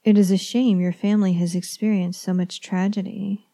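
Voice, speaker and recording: A grave, solemn family doctor in a spoken horror tale, read by a woman. His voice is low-key and gravelly, mellow in tone. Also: level tone, normal speed, close to an everyday voice.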